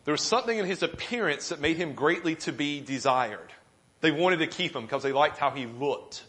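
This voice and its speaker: A male pastor preaching with a slightly higher-than-average voice. He tells a funny story with self-deprecating humor and acts out the other people's lines with animation. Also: fairly bright tone. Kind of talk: sermon.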